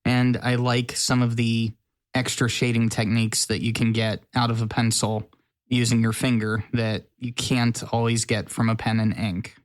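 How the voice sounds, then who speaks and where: A man co-hosting a podcast in casual chat, relaxed and teasing. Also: medium pitch, moderate pace. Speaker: podcast co-host.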